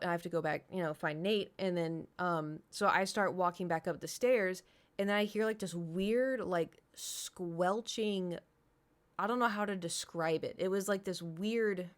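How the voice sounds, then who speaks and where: A woman's voice: lowish voice, clear, resonant tone. A young adult woman streamer telling a long story in casual chat, rambling with lots of fillers and swearing.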